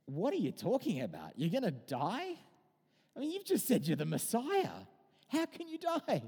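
A man's voice: high-pitched, huge pitch swings, moderate pace, darkish tone, slightly rough, in a large hall, voice pushed up, full character voice. A man voicing an exasperated male disciple who fires agitated questions at his teacher. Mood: exasperated pleading.

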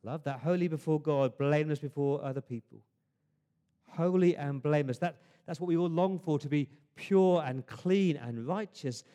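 A man's voice: on the high side, normal speed, warm tone. A man preaching a sermon to his congregation, earnest, often restarting words and asking rhetorical questions. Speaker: pastor. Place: church service.

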